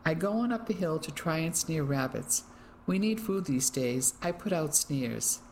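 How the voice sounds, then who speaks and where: A woman's voice: deep voice, animated, a little slow, a little mellow, a little hiss or hum. A woman voicing a hearty, protective Englishman who pleads for his wife. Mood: pleading.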